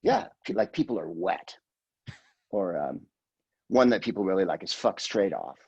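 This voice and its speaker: A man's voice: low-pitched, lively intonation, normal speed, gravelly, darkish tone, breathy edge, dull audio. A man in his sixties, a guest comedian, telling rambling, profane stories in casual podcast chat and slipping into quoted voices. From California, USA.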